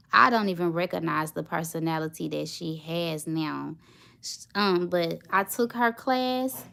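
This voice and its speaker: A woman's voice: fairly low pitch, vocal fry, bright, forceful tone. A woman in her thirties, a tired mother and vlogger, rambling casually to her viewers. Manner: rambling, chatty, talks straight to her viewers.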